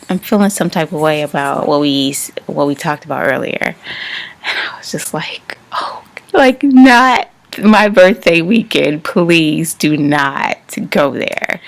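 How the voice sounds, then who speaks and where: A woman's voice: deep voice, vocal fry, a bit bright. A young woman vlogger telling a personal story casually, rambling and laughing as she acts out both sides of the conversation. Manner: rambling, laughs often, quotes others in dialogue.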